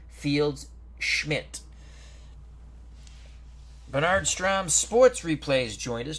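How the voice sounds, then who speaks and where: A man hosting a football strategy game stream, reading out team rosters and greeting viewers in a chatty, unhurried way. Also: mid-range voice, vocal fry, a bit bright. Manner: slow, chatty, greets viewers and stumbles over names. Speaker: host. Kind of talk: casual game commentary.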